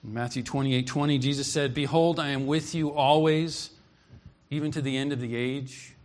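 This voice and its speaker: A man's voice: mid-range voice, fairly even intonation, normal speed. A man preaching an expository sermon, earnest and emphatic, reading scripture aloud and explaining it.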